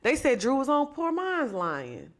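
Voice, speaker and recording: A woman's voice: high-pitched, huge pitch swings, measured pace, a little hiss or hum. A woman hosting her own podcast, giving chatty, sassy gossip commentary and talking straight to her listeners. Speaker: podcast host. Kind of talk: solo reality-TV gossip commentary.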